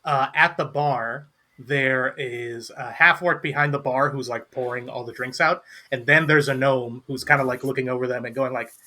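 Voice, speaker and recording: A man with a bright, forceful tone narrates as the game master of a tabletop game. He keeps it loose and chuckles as he goes, at a mid pitch. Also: fairly even intonation, normal speed.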